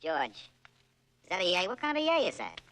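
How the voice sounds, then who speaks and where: A frantic kiddie-show host. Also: male voice, high-pitched, very animated, normal speed, bright, forceful tone, heavily acted. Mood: exasperated. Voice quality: theatrical, exclamatory, melodramatic despair. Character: frantic, fussy male kiddie-show host, middle-aged. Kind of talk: 1960s film acting. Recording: noisy old film soundtrack.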